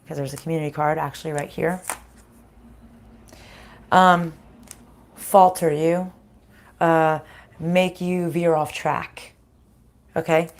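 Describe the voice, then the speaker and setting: A woman's voice: lowish voice, steady tone, takes it slowly, long pauses. A woman with a scratchy voice leads a live-streamed spiritual card reading. She talks in a casual, chatty way, laughs often and swears now and then. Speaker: card reader.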